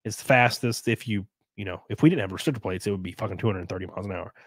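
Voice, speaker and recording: Sick and congested, an American livestream host chats casually with viewers and reads their comments, cursing and letting thoughts trail off. His voice sits on the low side and comes out rapid-fire and slightly rough in a dry recording.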